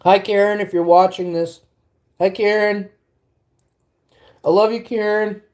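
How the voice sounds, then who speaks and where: A woman from Winnipeg, telling a story on a casual livestream, animated and swearing, acting out the quotes. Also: medium pitch, unhurried, echoey room. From Winnipeg, Canada.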